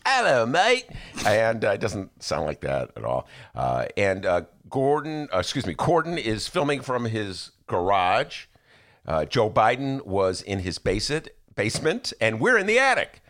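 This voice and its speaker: A man with a fairly low, unhurried voice hosts a radio talk show, bantering and joking on air. He's animated and jokey, slipping into impressions now and then.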